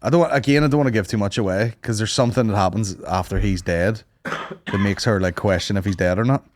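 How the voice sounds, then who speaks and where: A man's voice: lowish voice, fast talker. A young man hosting a podcast, chatting casually and telling stories full of swearing. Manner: animated, sweary storyteller. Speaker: podcast host. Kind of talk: casual chat.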